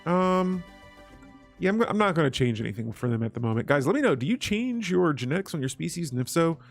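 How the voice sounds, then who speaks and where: A man with a medium-pitched, gravelly voice hosts a strategy game let's play, giving gameplay commentary and chatting casually with viewers as he clicks through menus.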